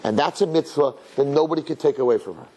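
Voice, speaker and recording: A man doing a slow solemn little angel. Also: a little high, a little mellow, slightly rough, rough recording. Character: small gentle male angel, solemn.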